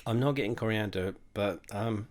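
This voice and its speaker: Tipsy rambling man with a low voice. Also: normal speed. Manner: rambling, sweary, self-mocking. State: drunk. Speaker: host of a drinks tasting video. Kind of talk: casual tipsy tasting monologue.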